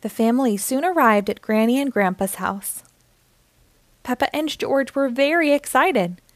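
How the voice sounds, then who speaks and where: Woman reading a kids' book aloud, fairly high voice, expressive, dry close sound. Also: moderate pace, dry recording. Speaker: children's book reader.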